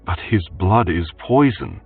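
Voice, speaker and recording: A man's voice: low voice, sing-song, takes it slowly, vocal fry, husky, voice pushed up, heavily acted. A man voicing a worried, protective young man who presses with earnest questions in an audiobook, over faint music. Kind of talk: audiobook character voice. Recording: distant tinny phone-like sound, faint music.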